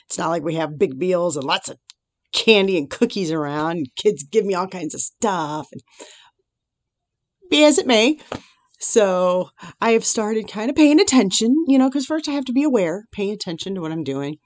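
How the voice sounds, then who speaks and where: A woman's voice: mid-range voice, expressive, normal speed, dry recording. A woman vlogging casually about her day and her faith. She chats in a self-deprecating way, laughing often, and turns reflective and grateful. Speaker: Christian vlogger. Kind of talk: casual daily devotional vlog.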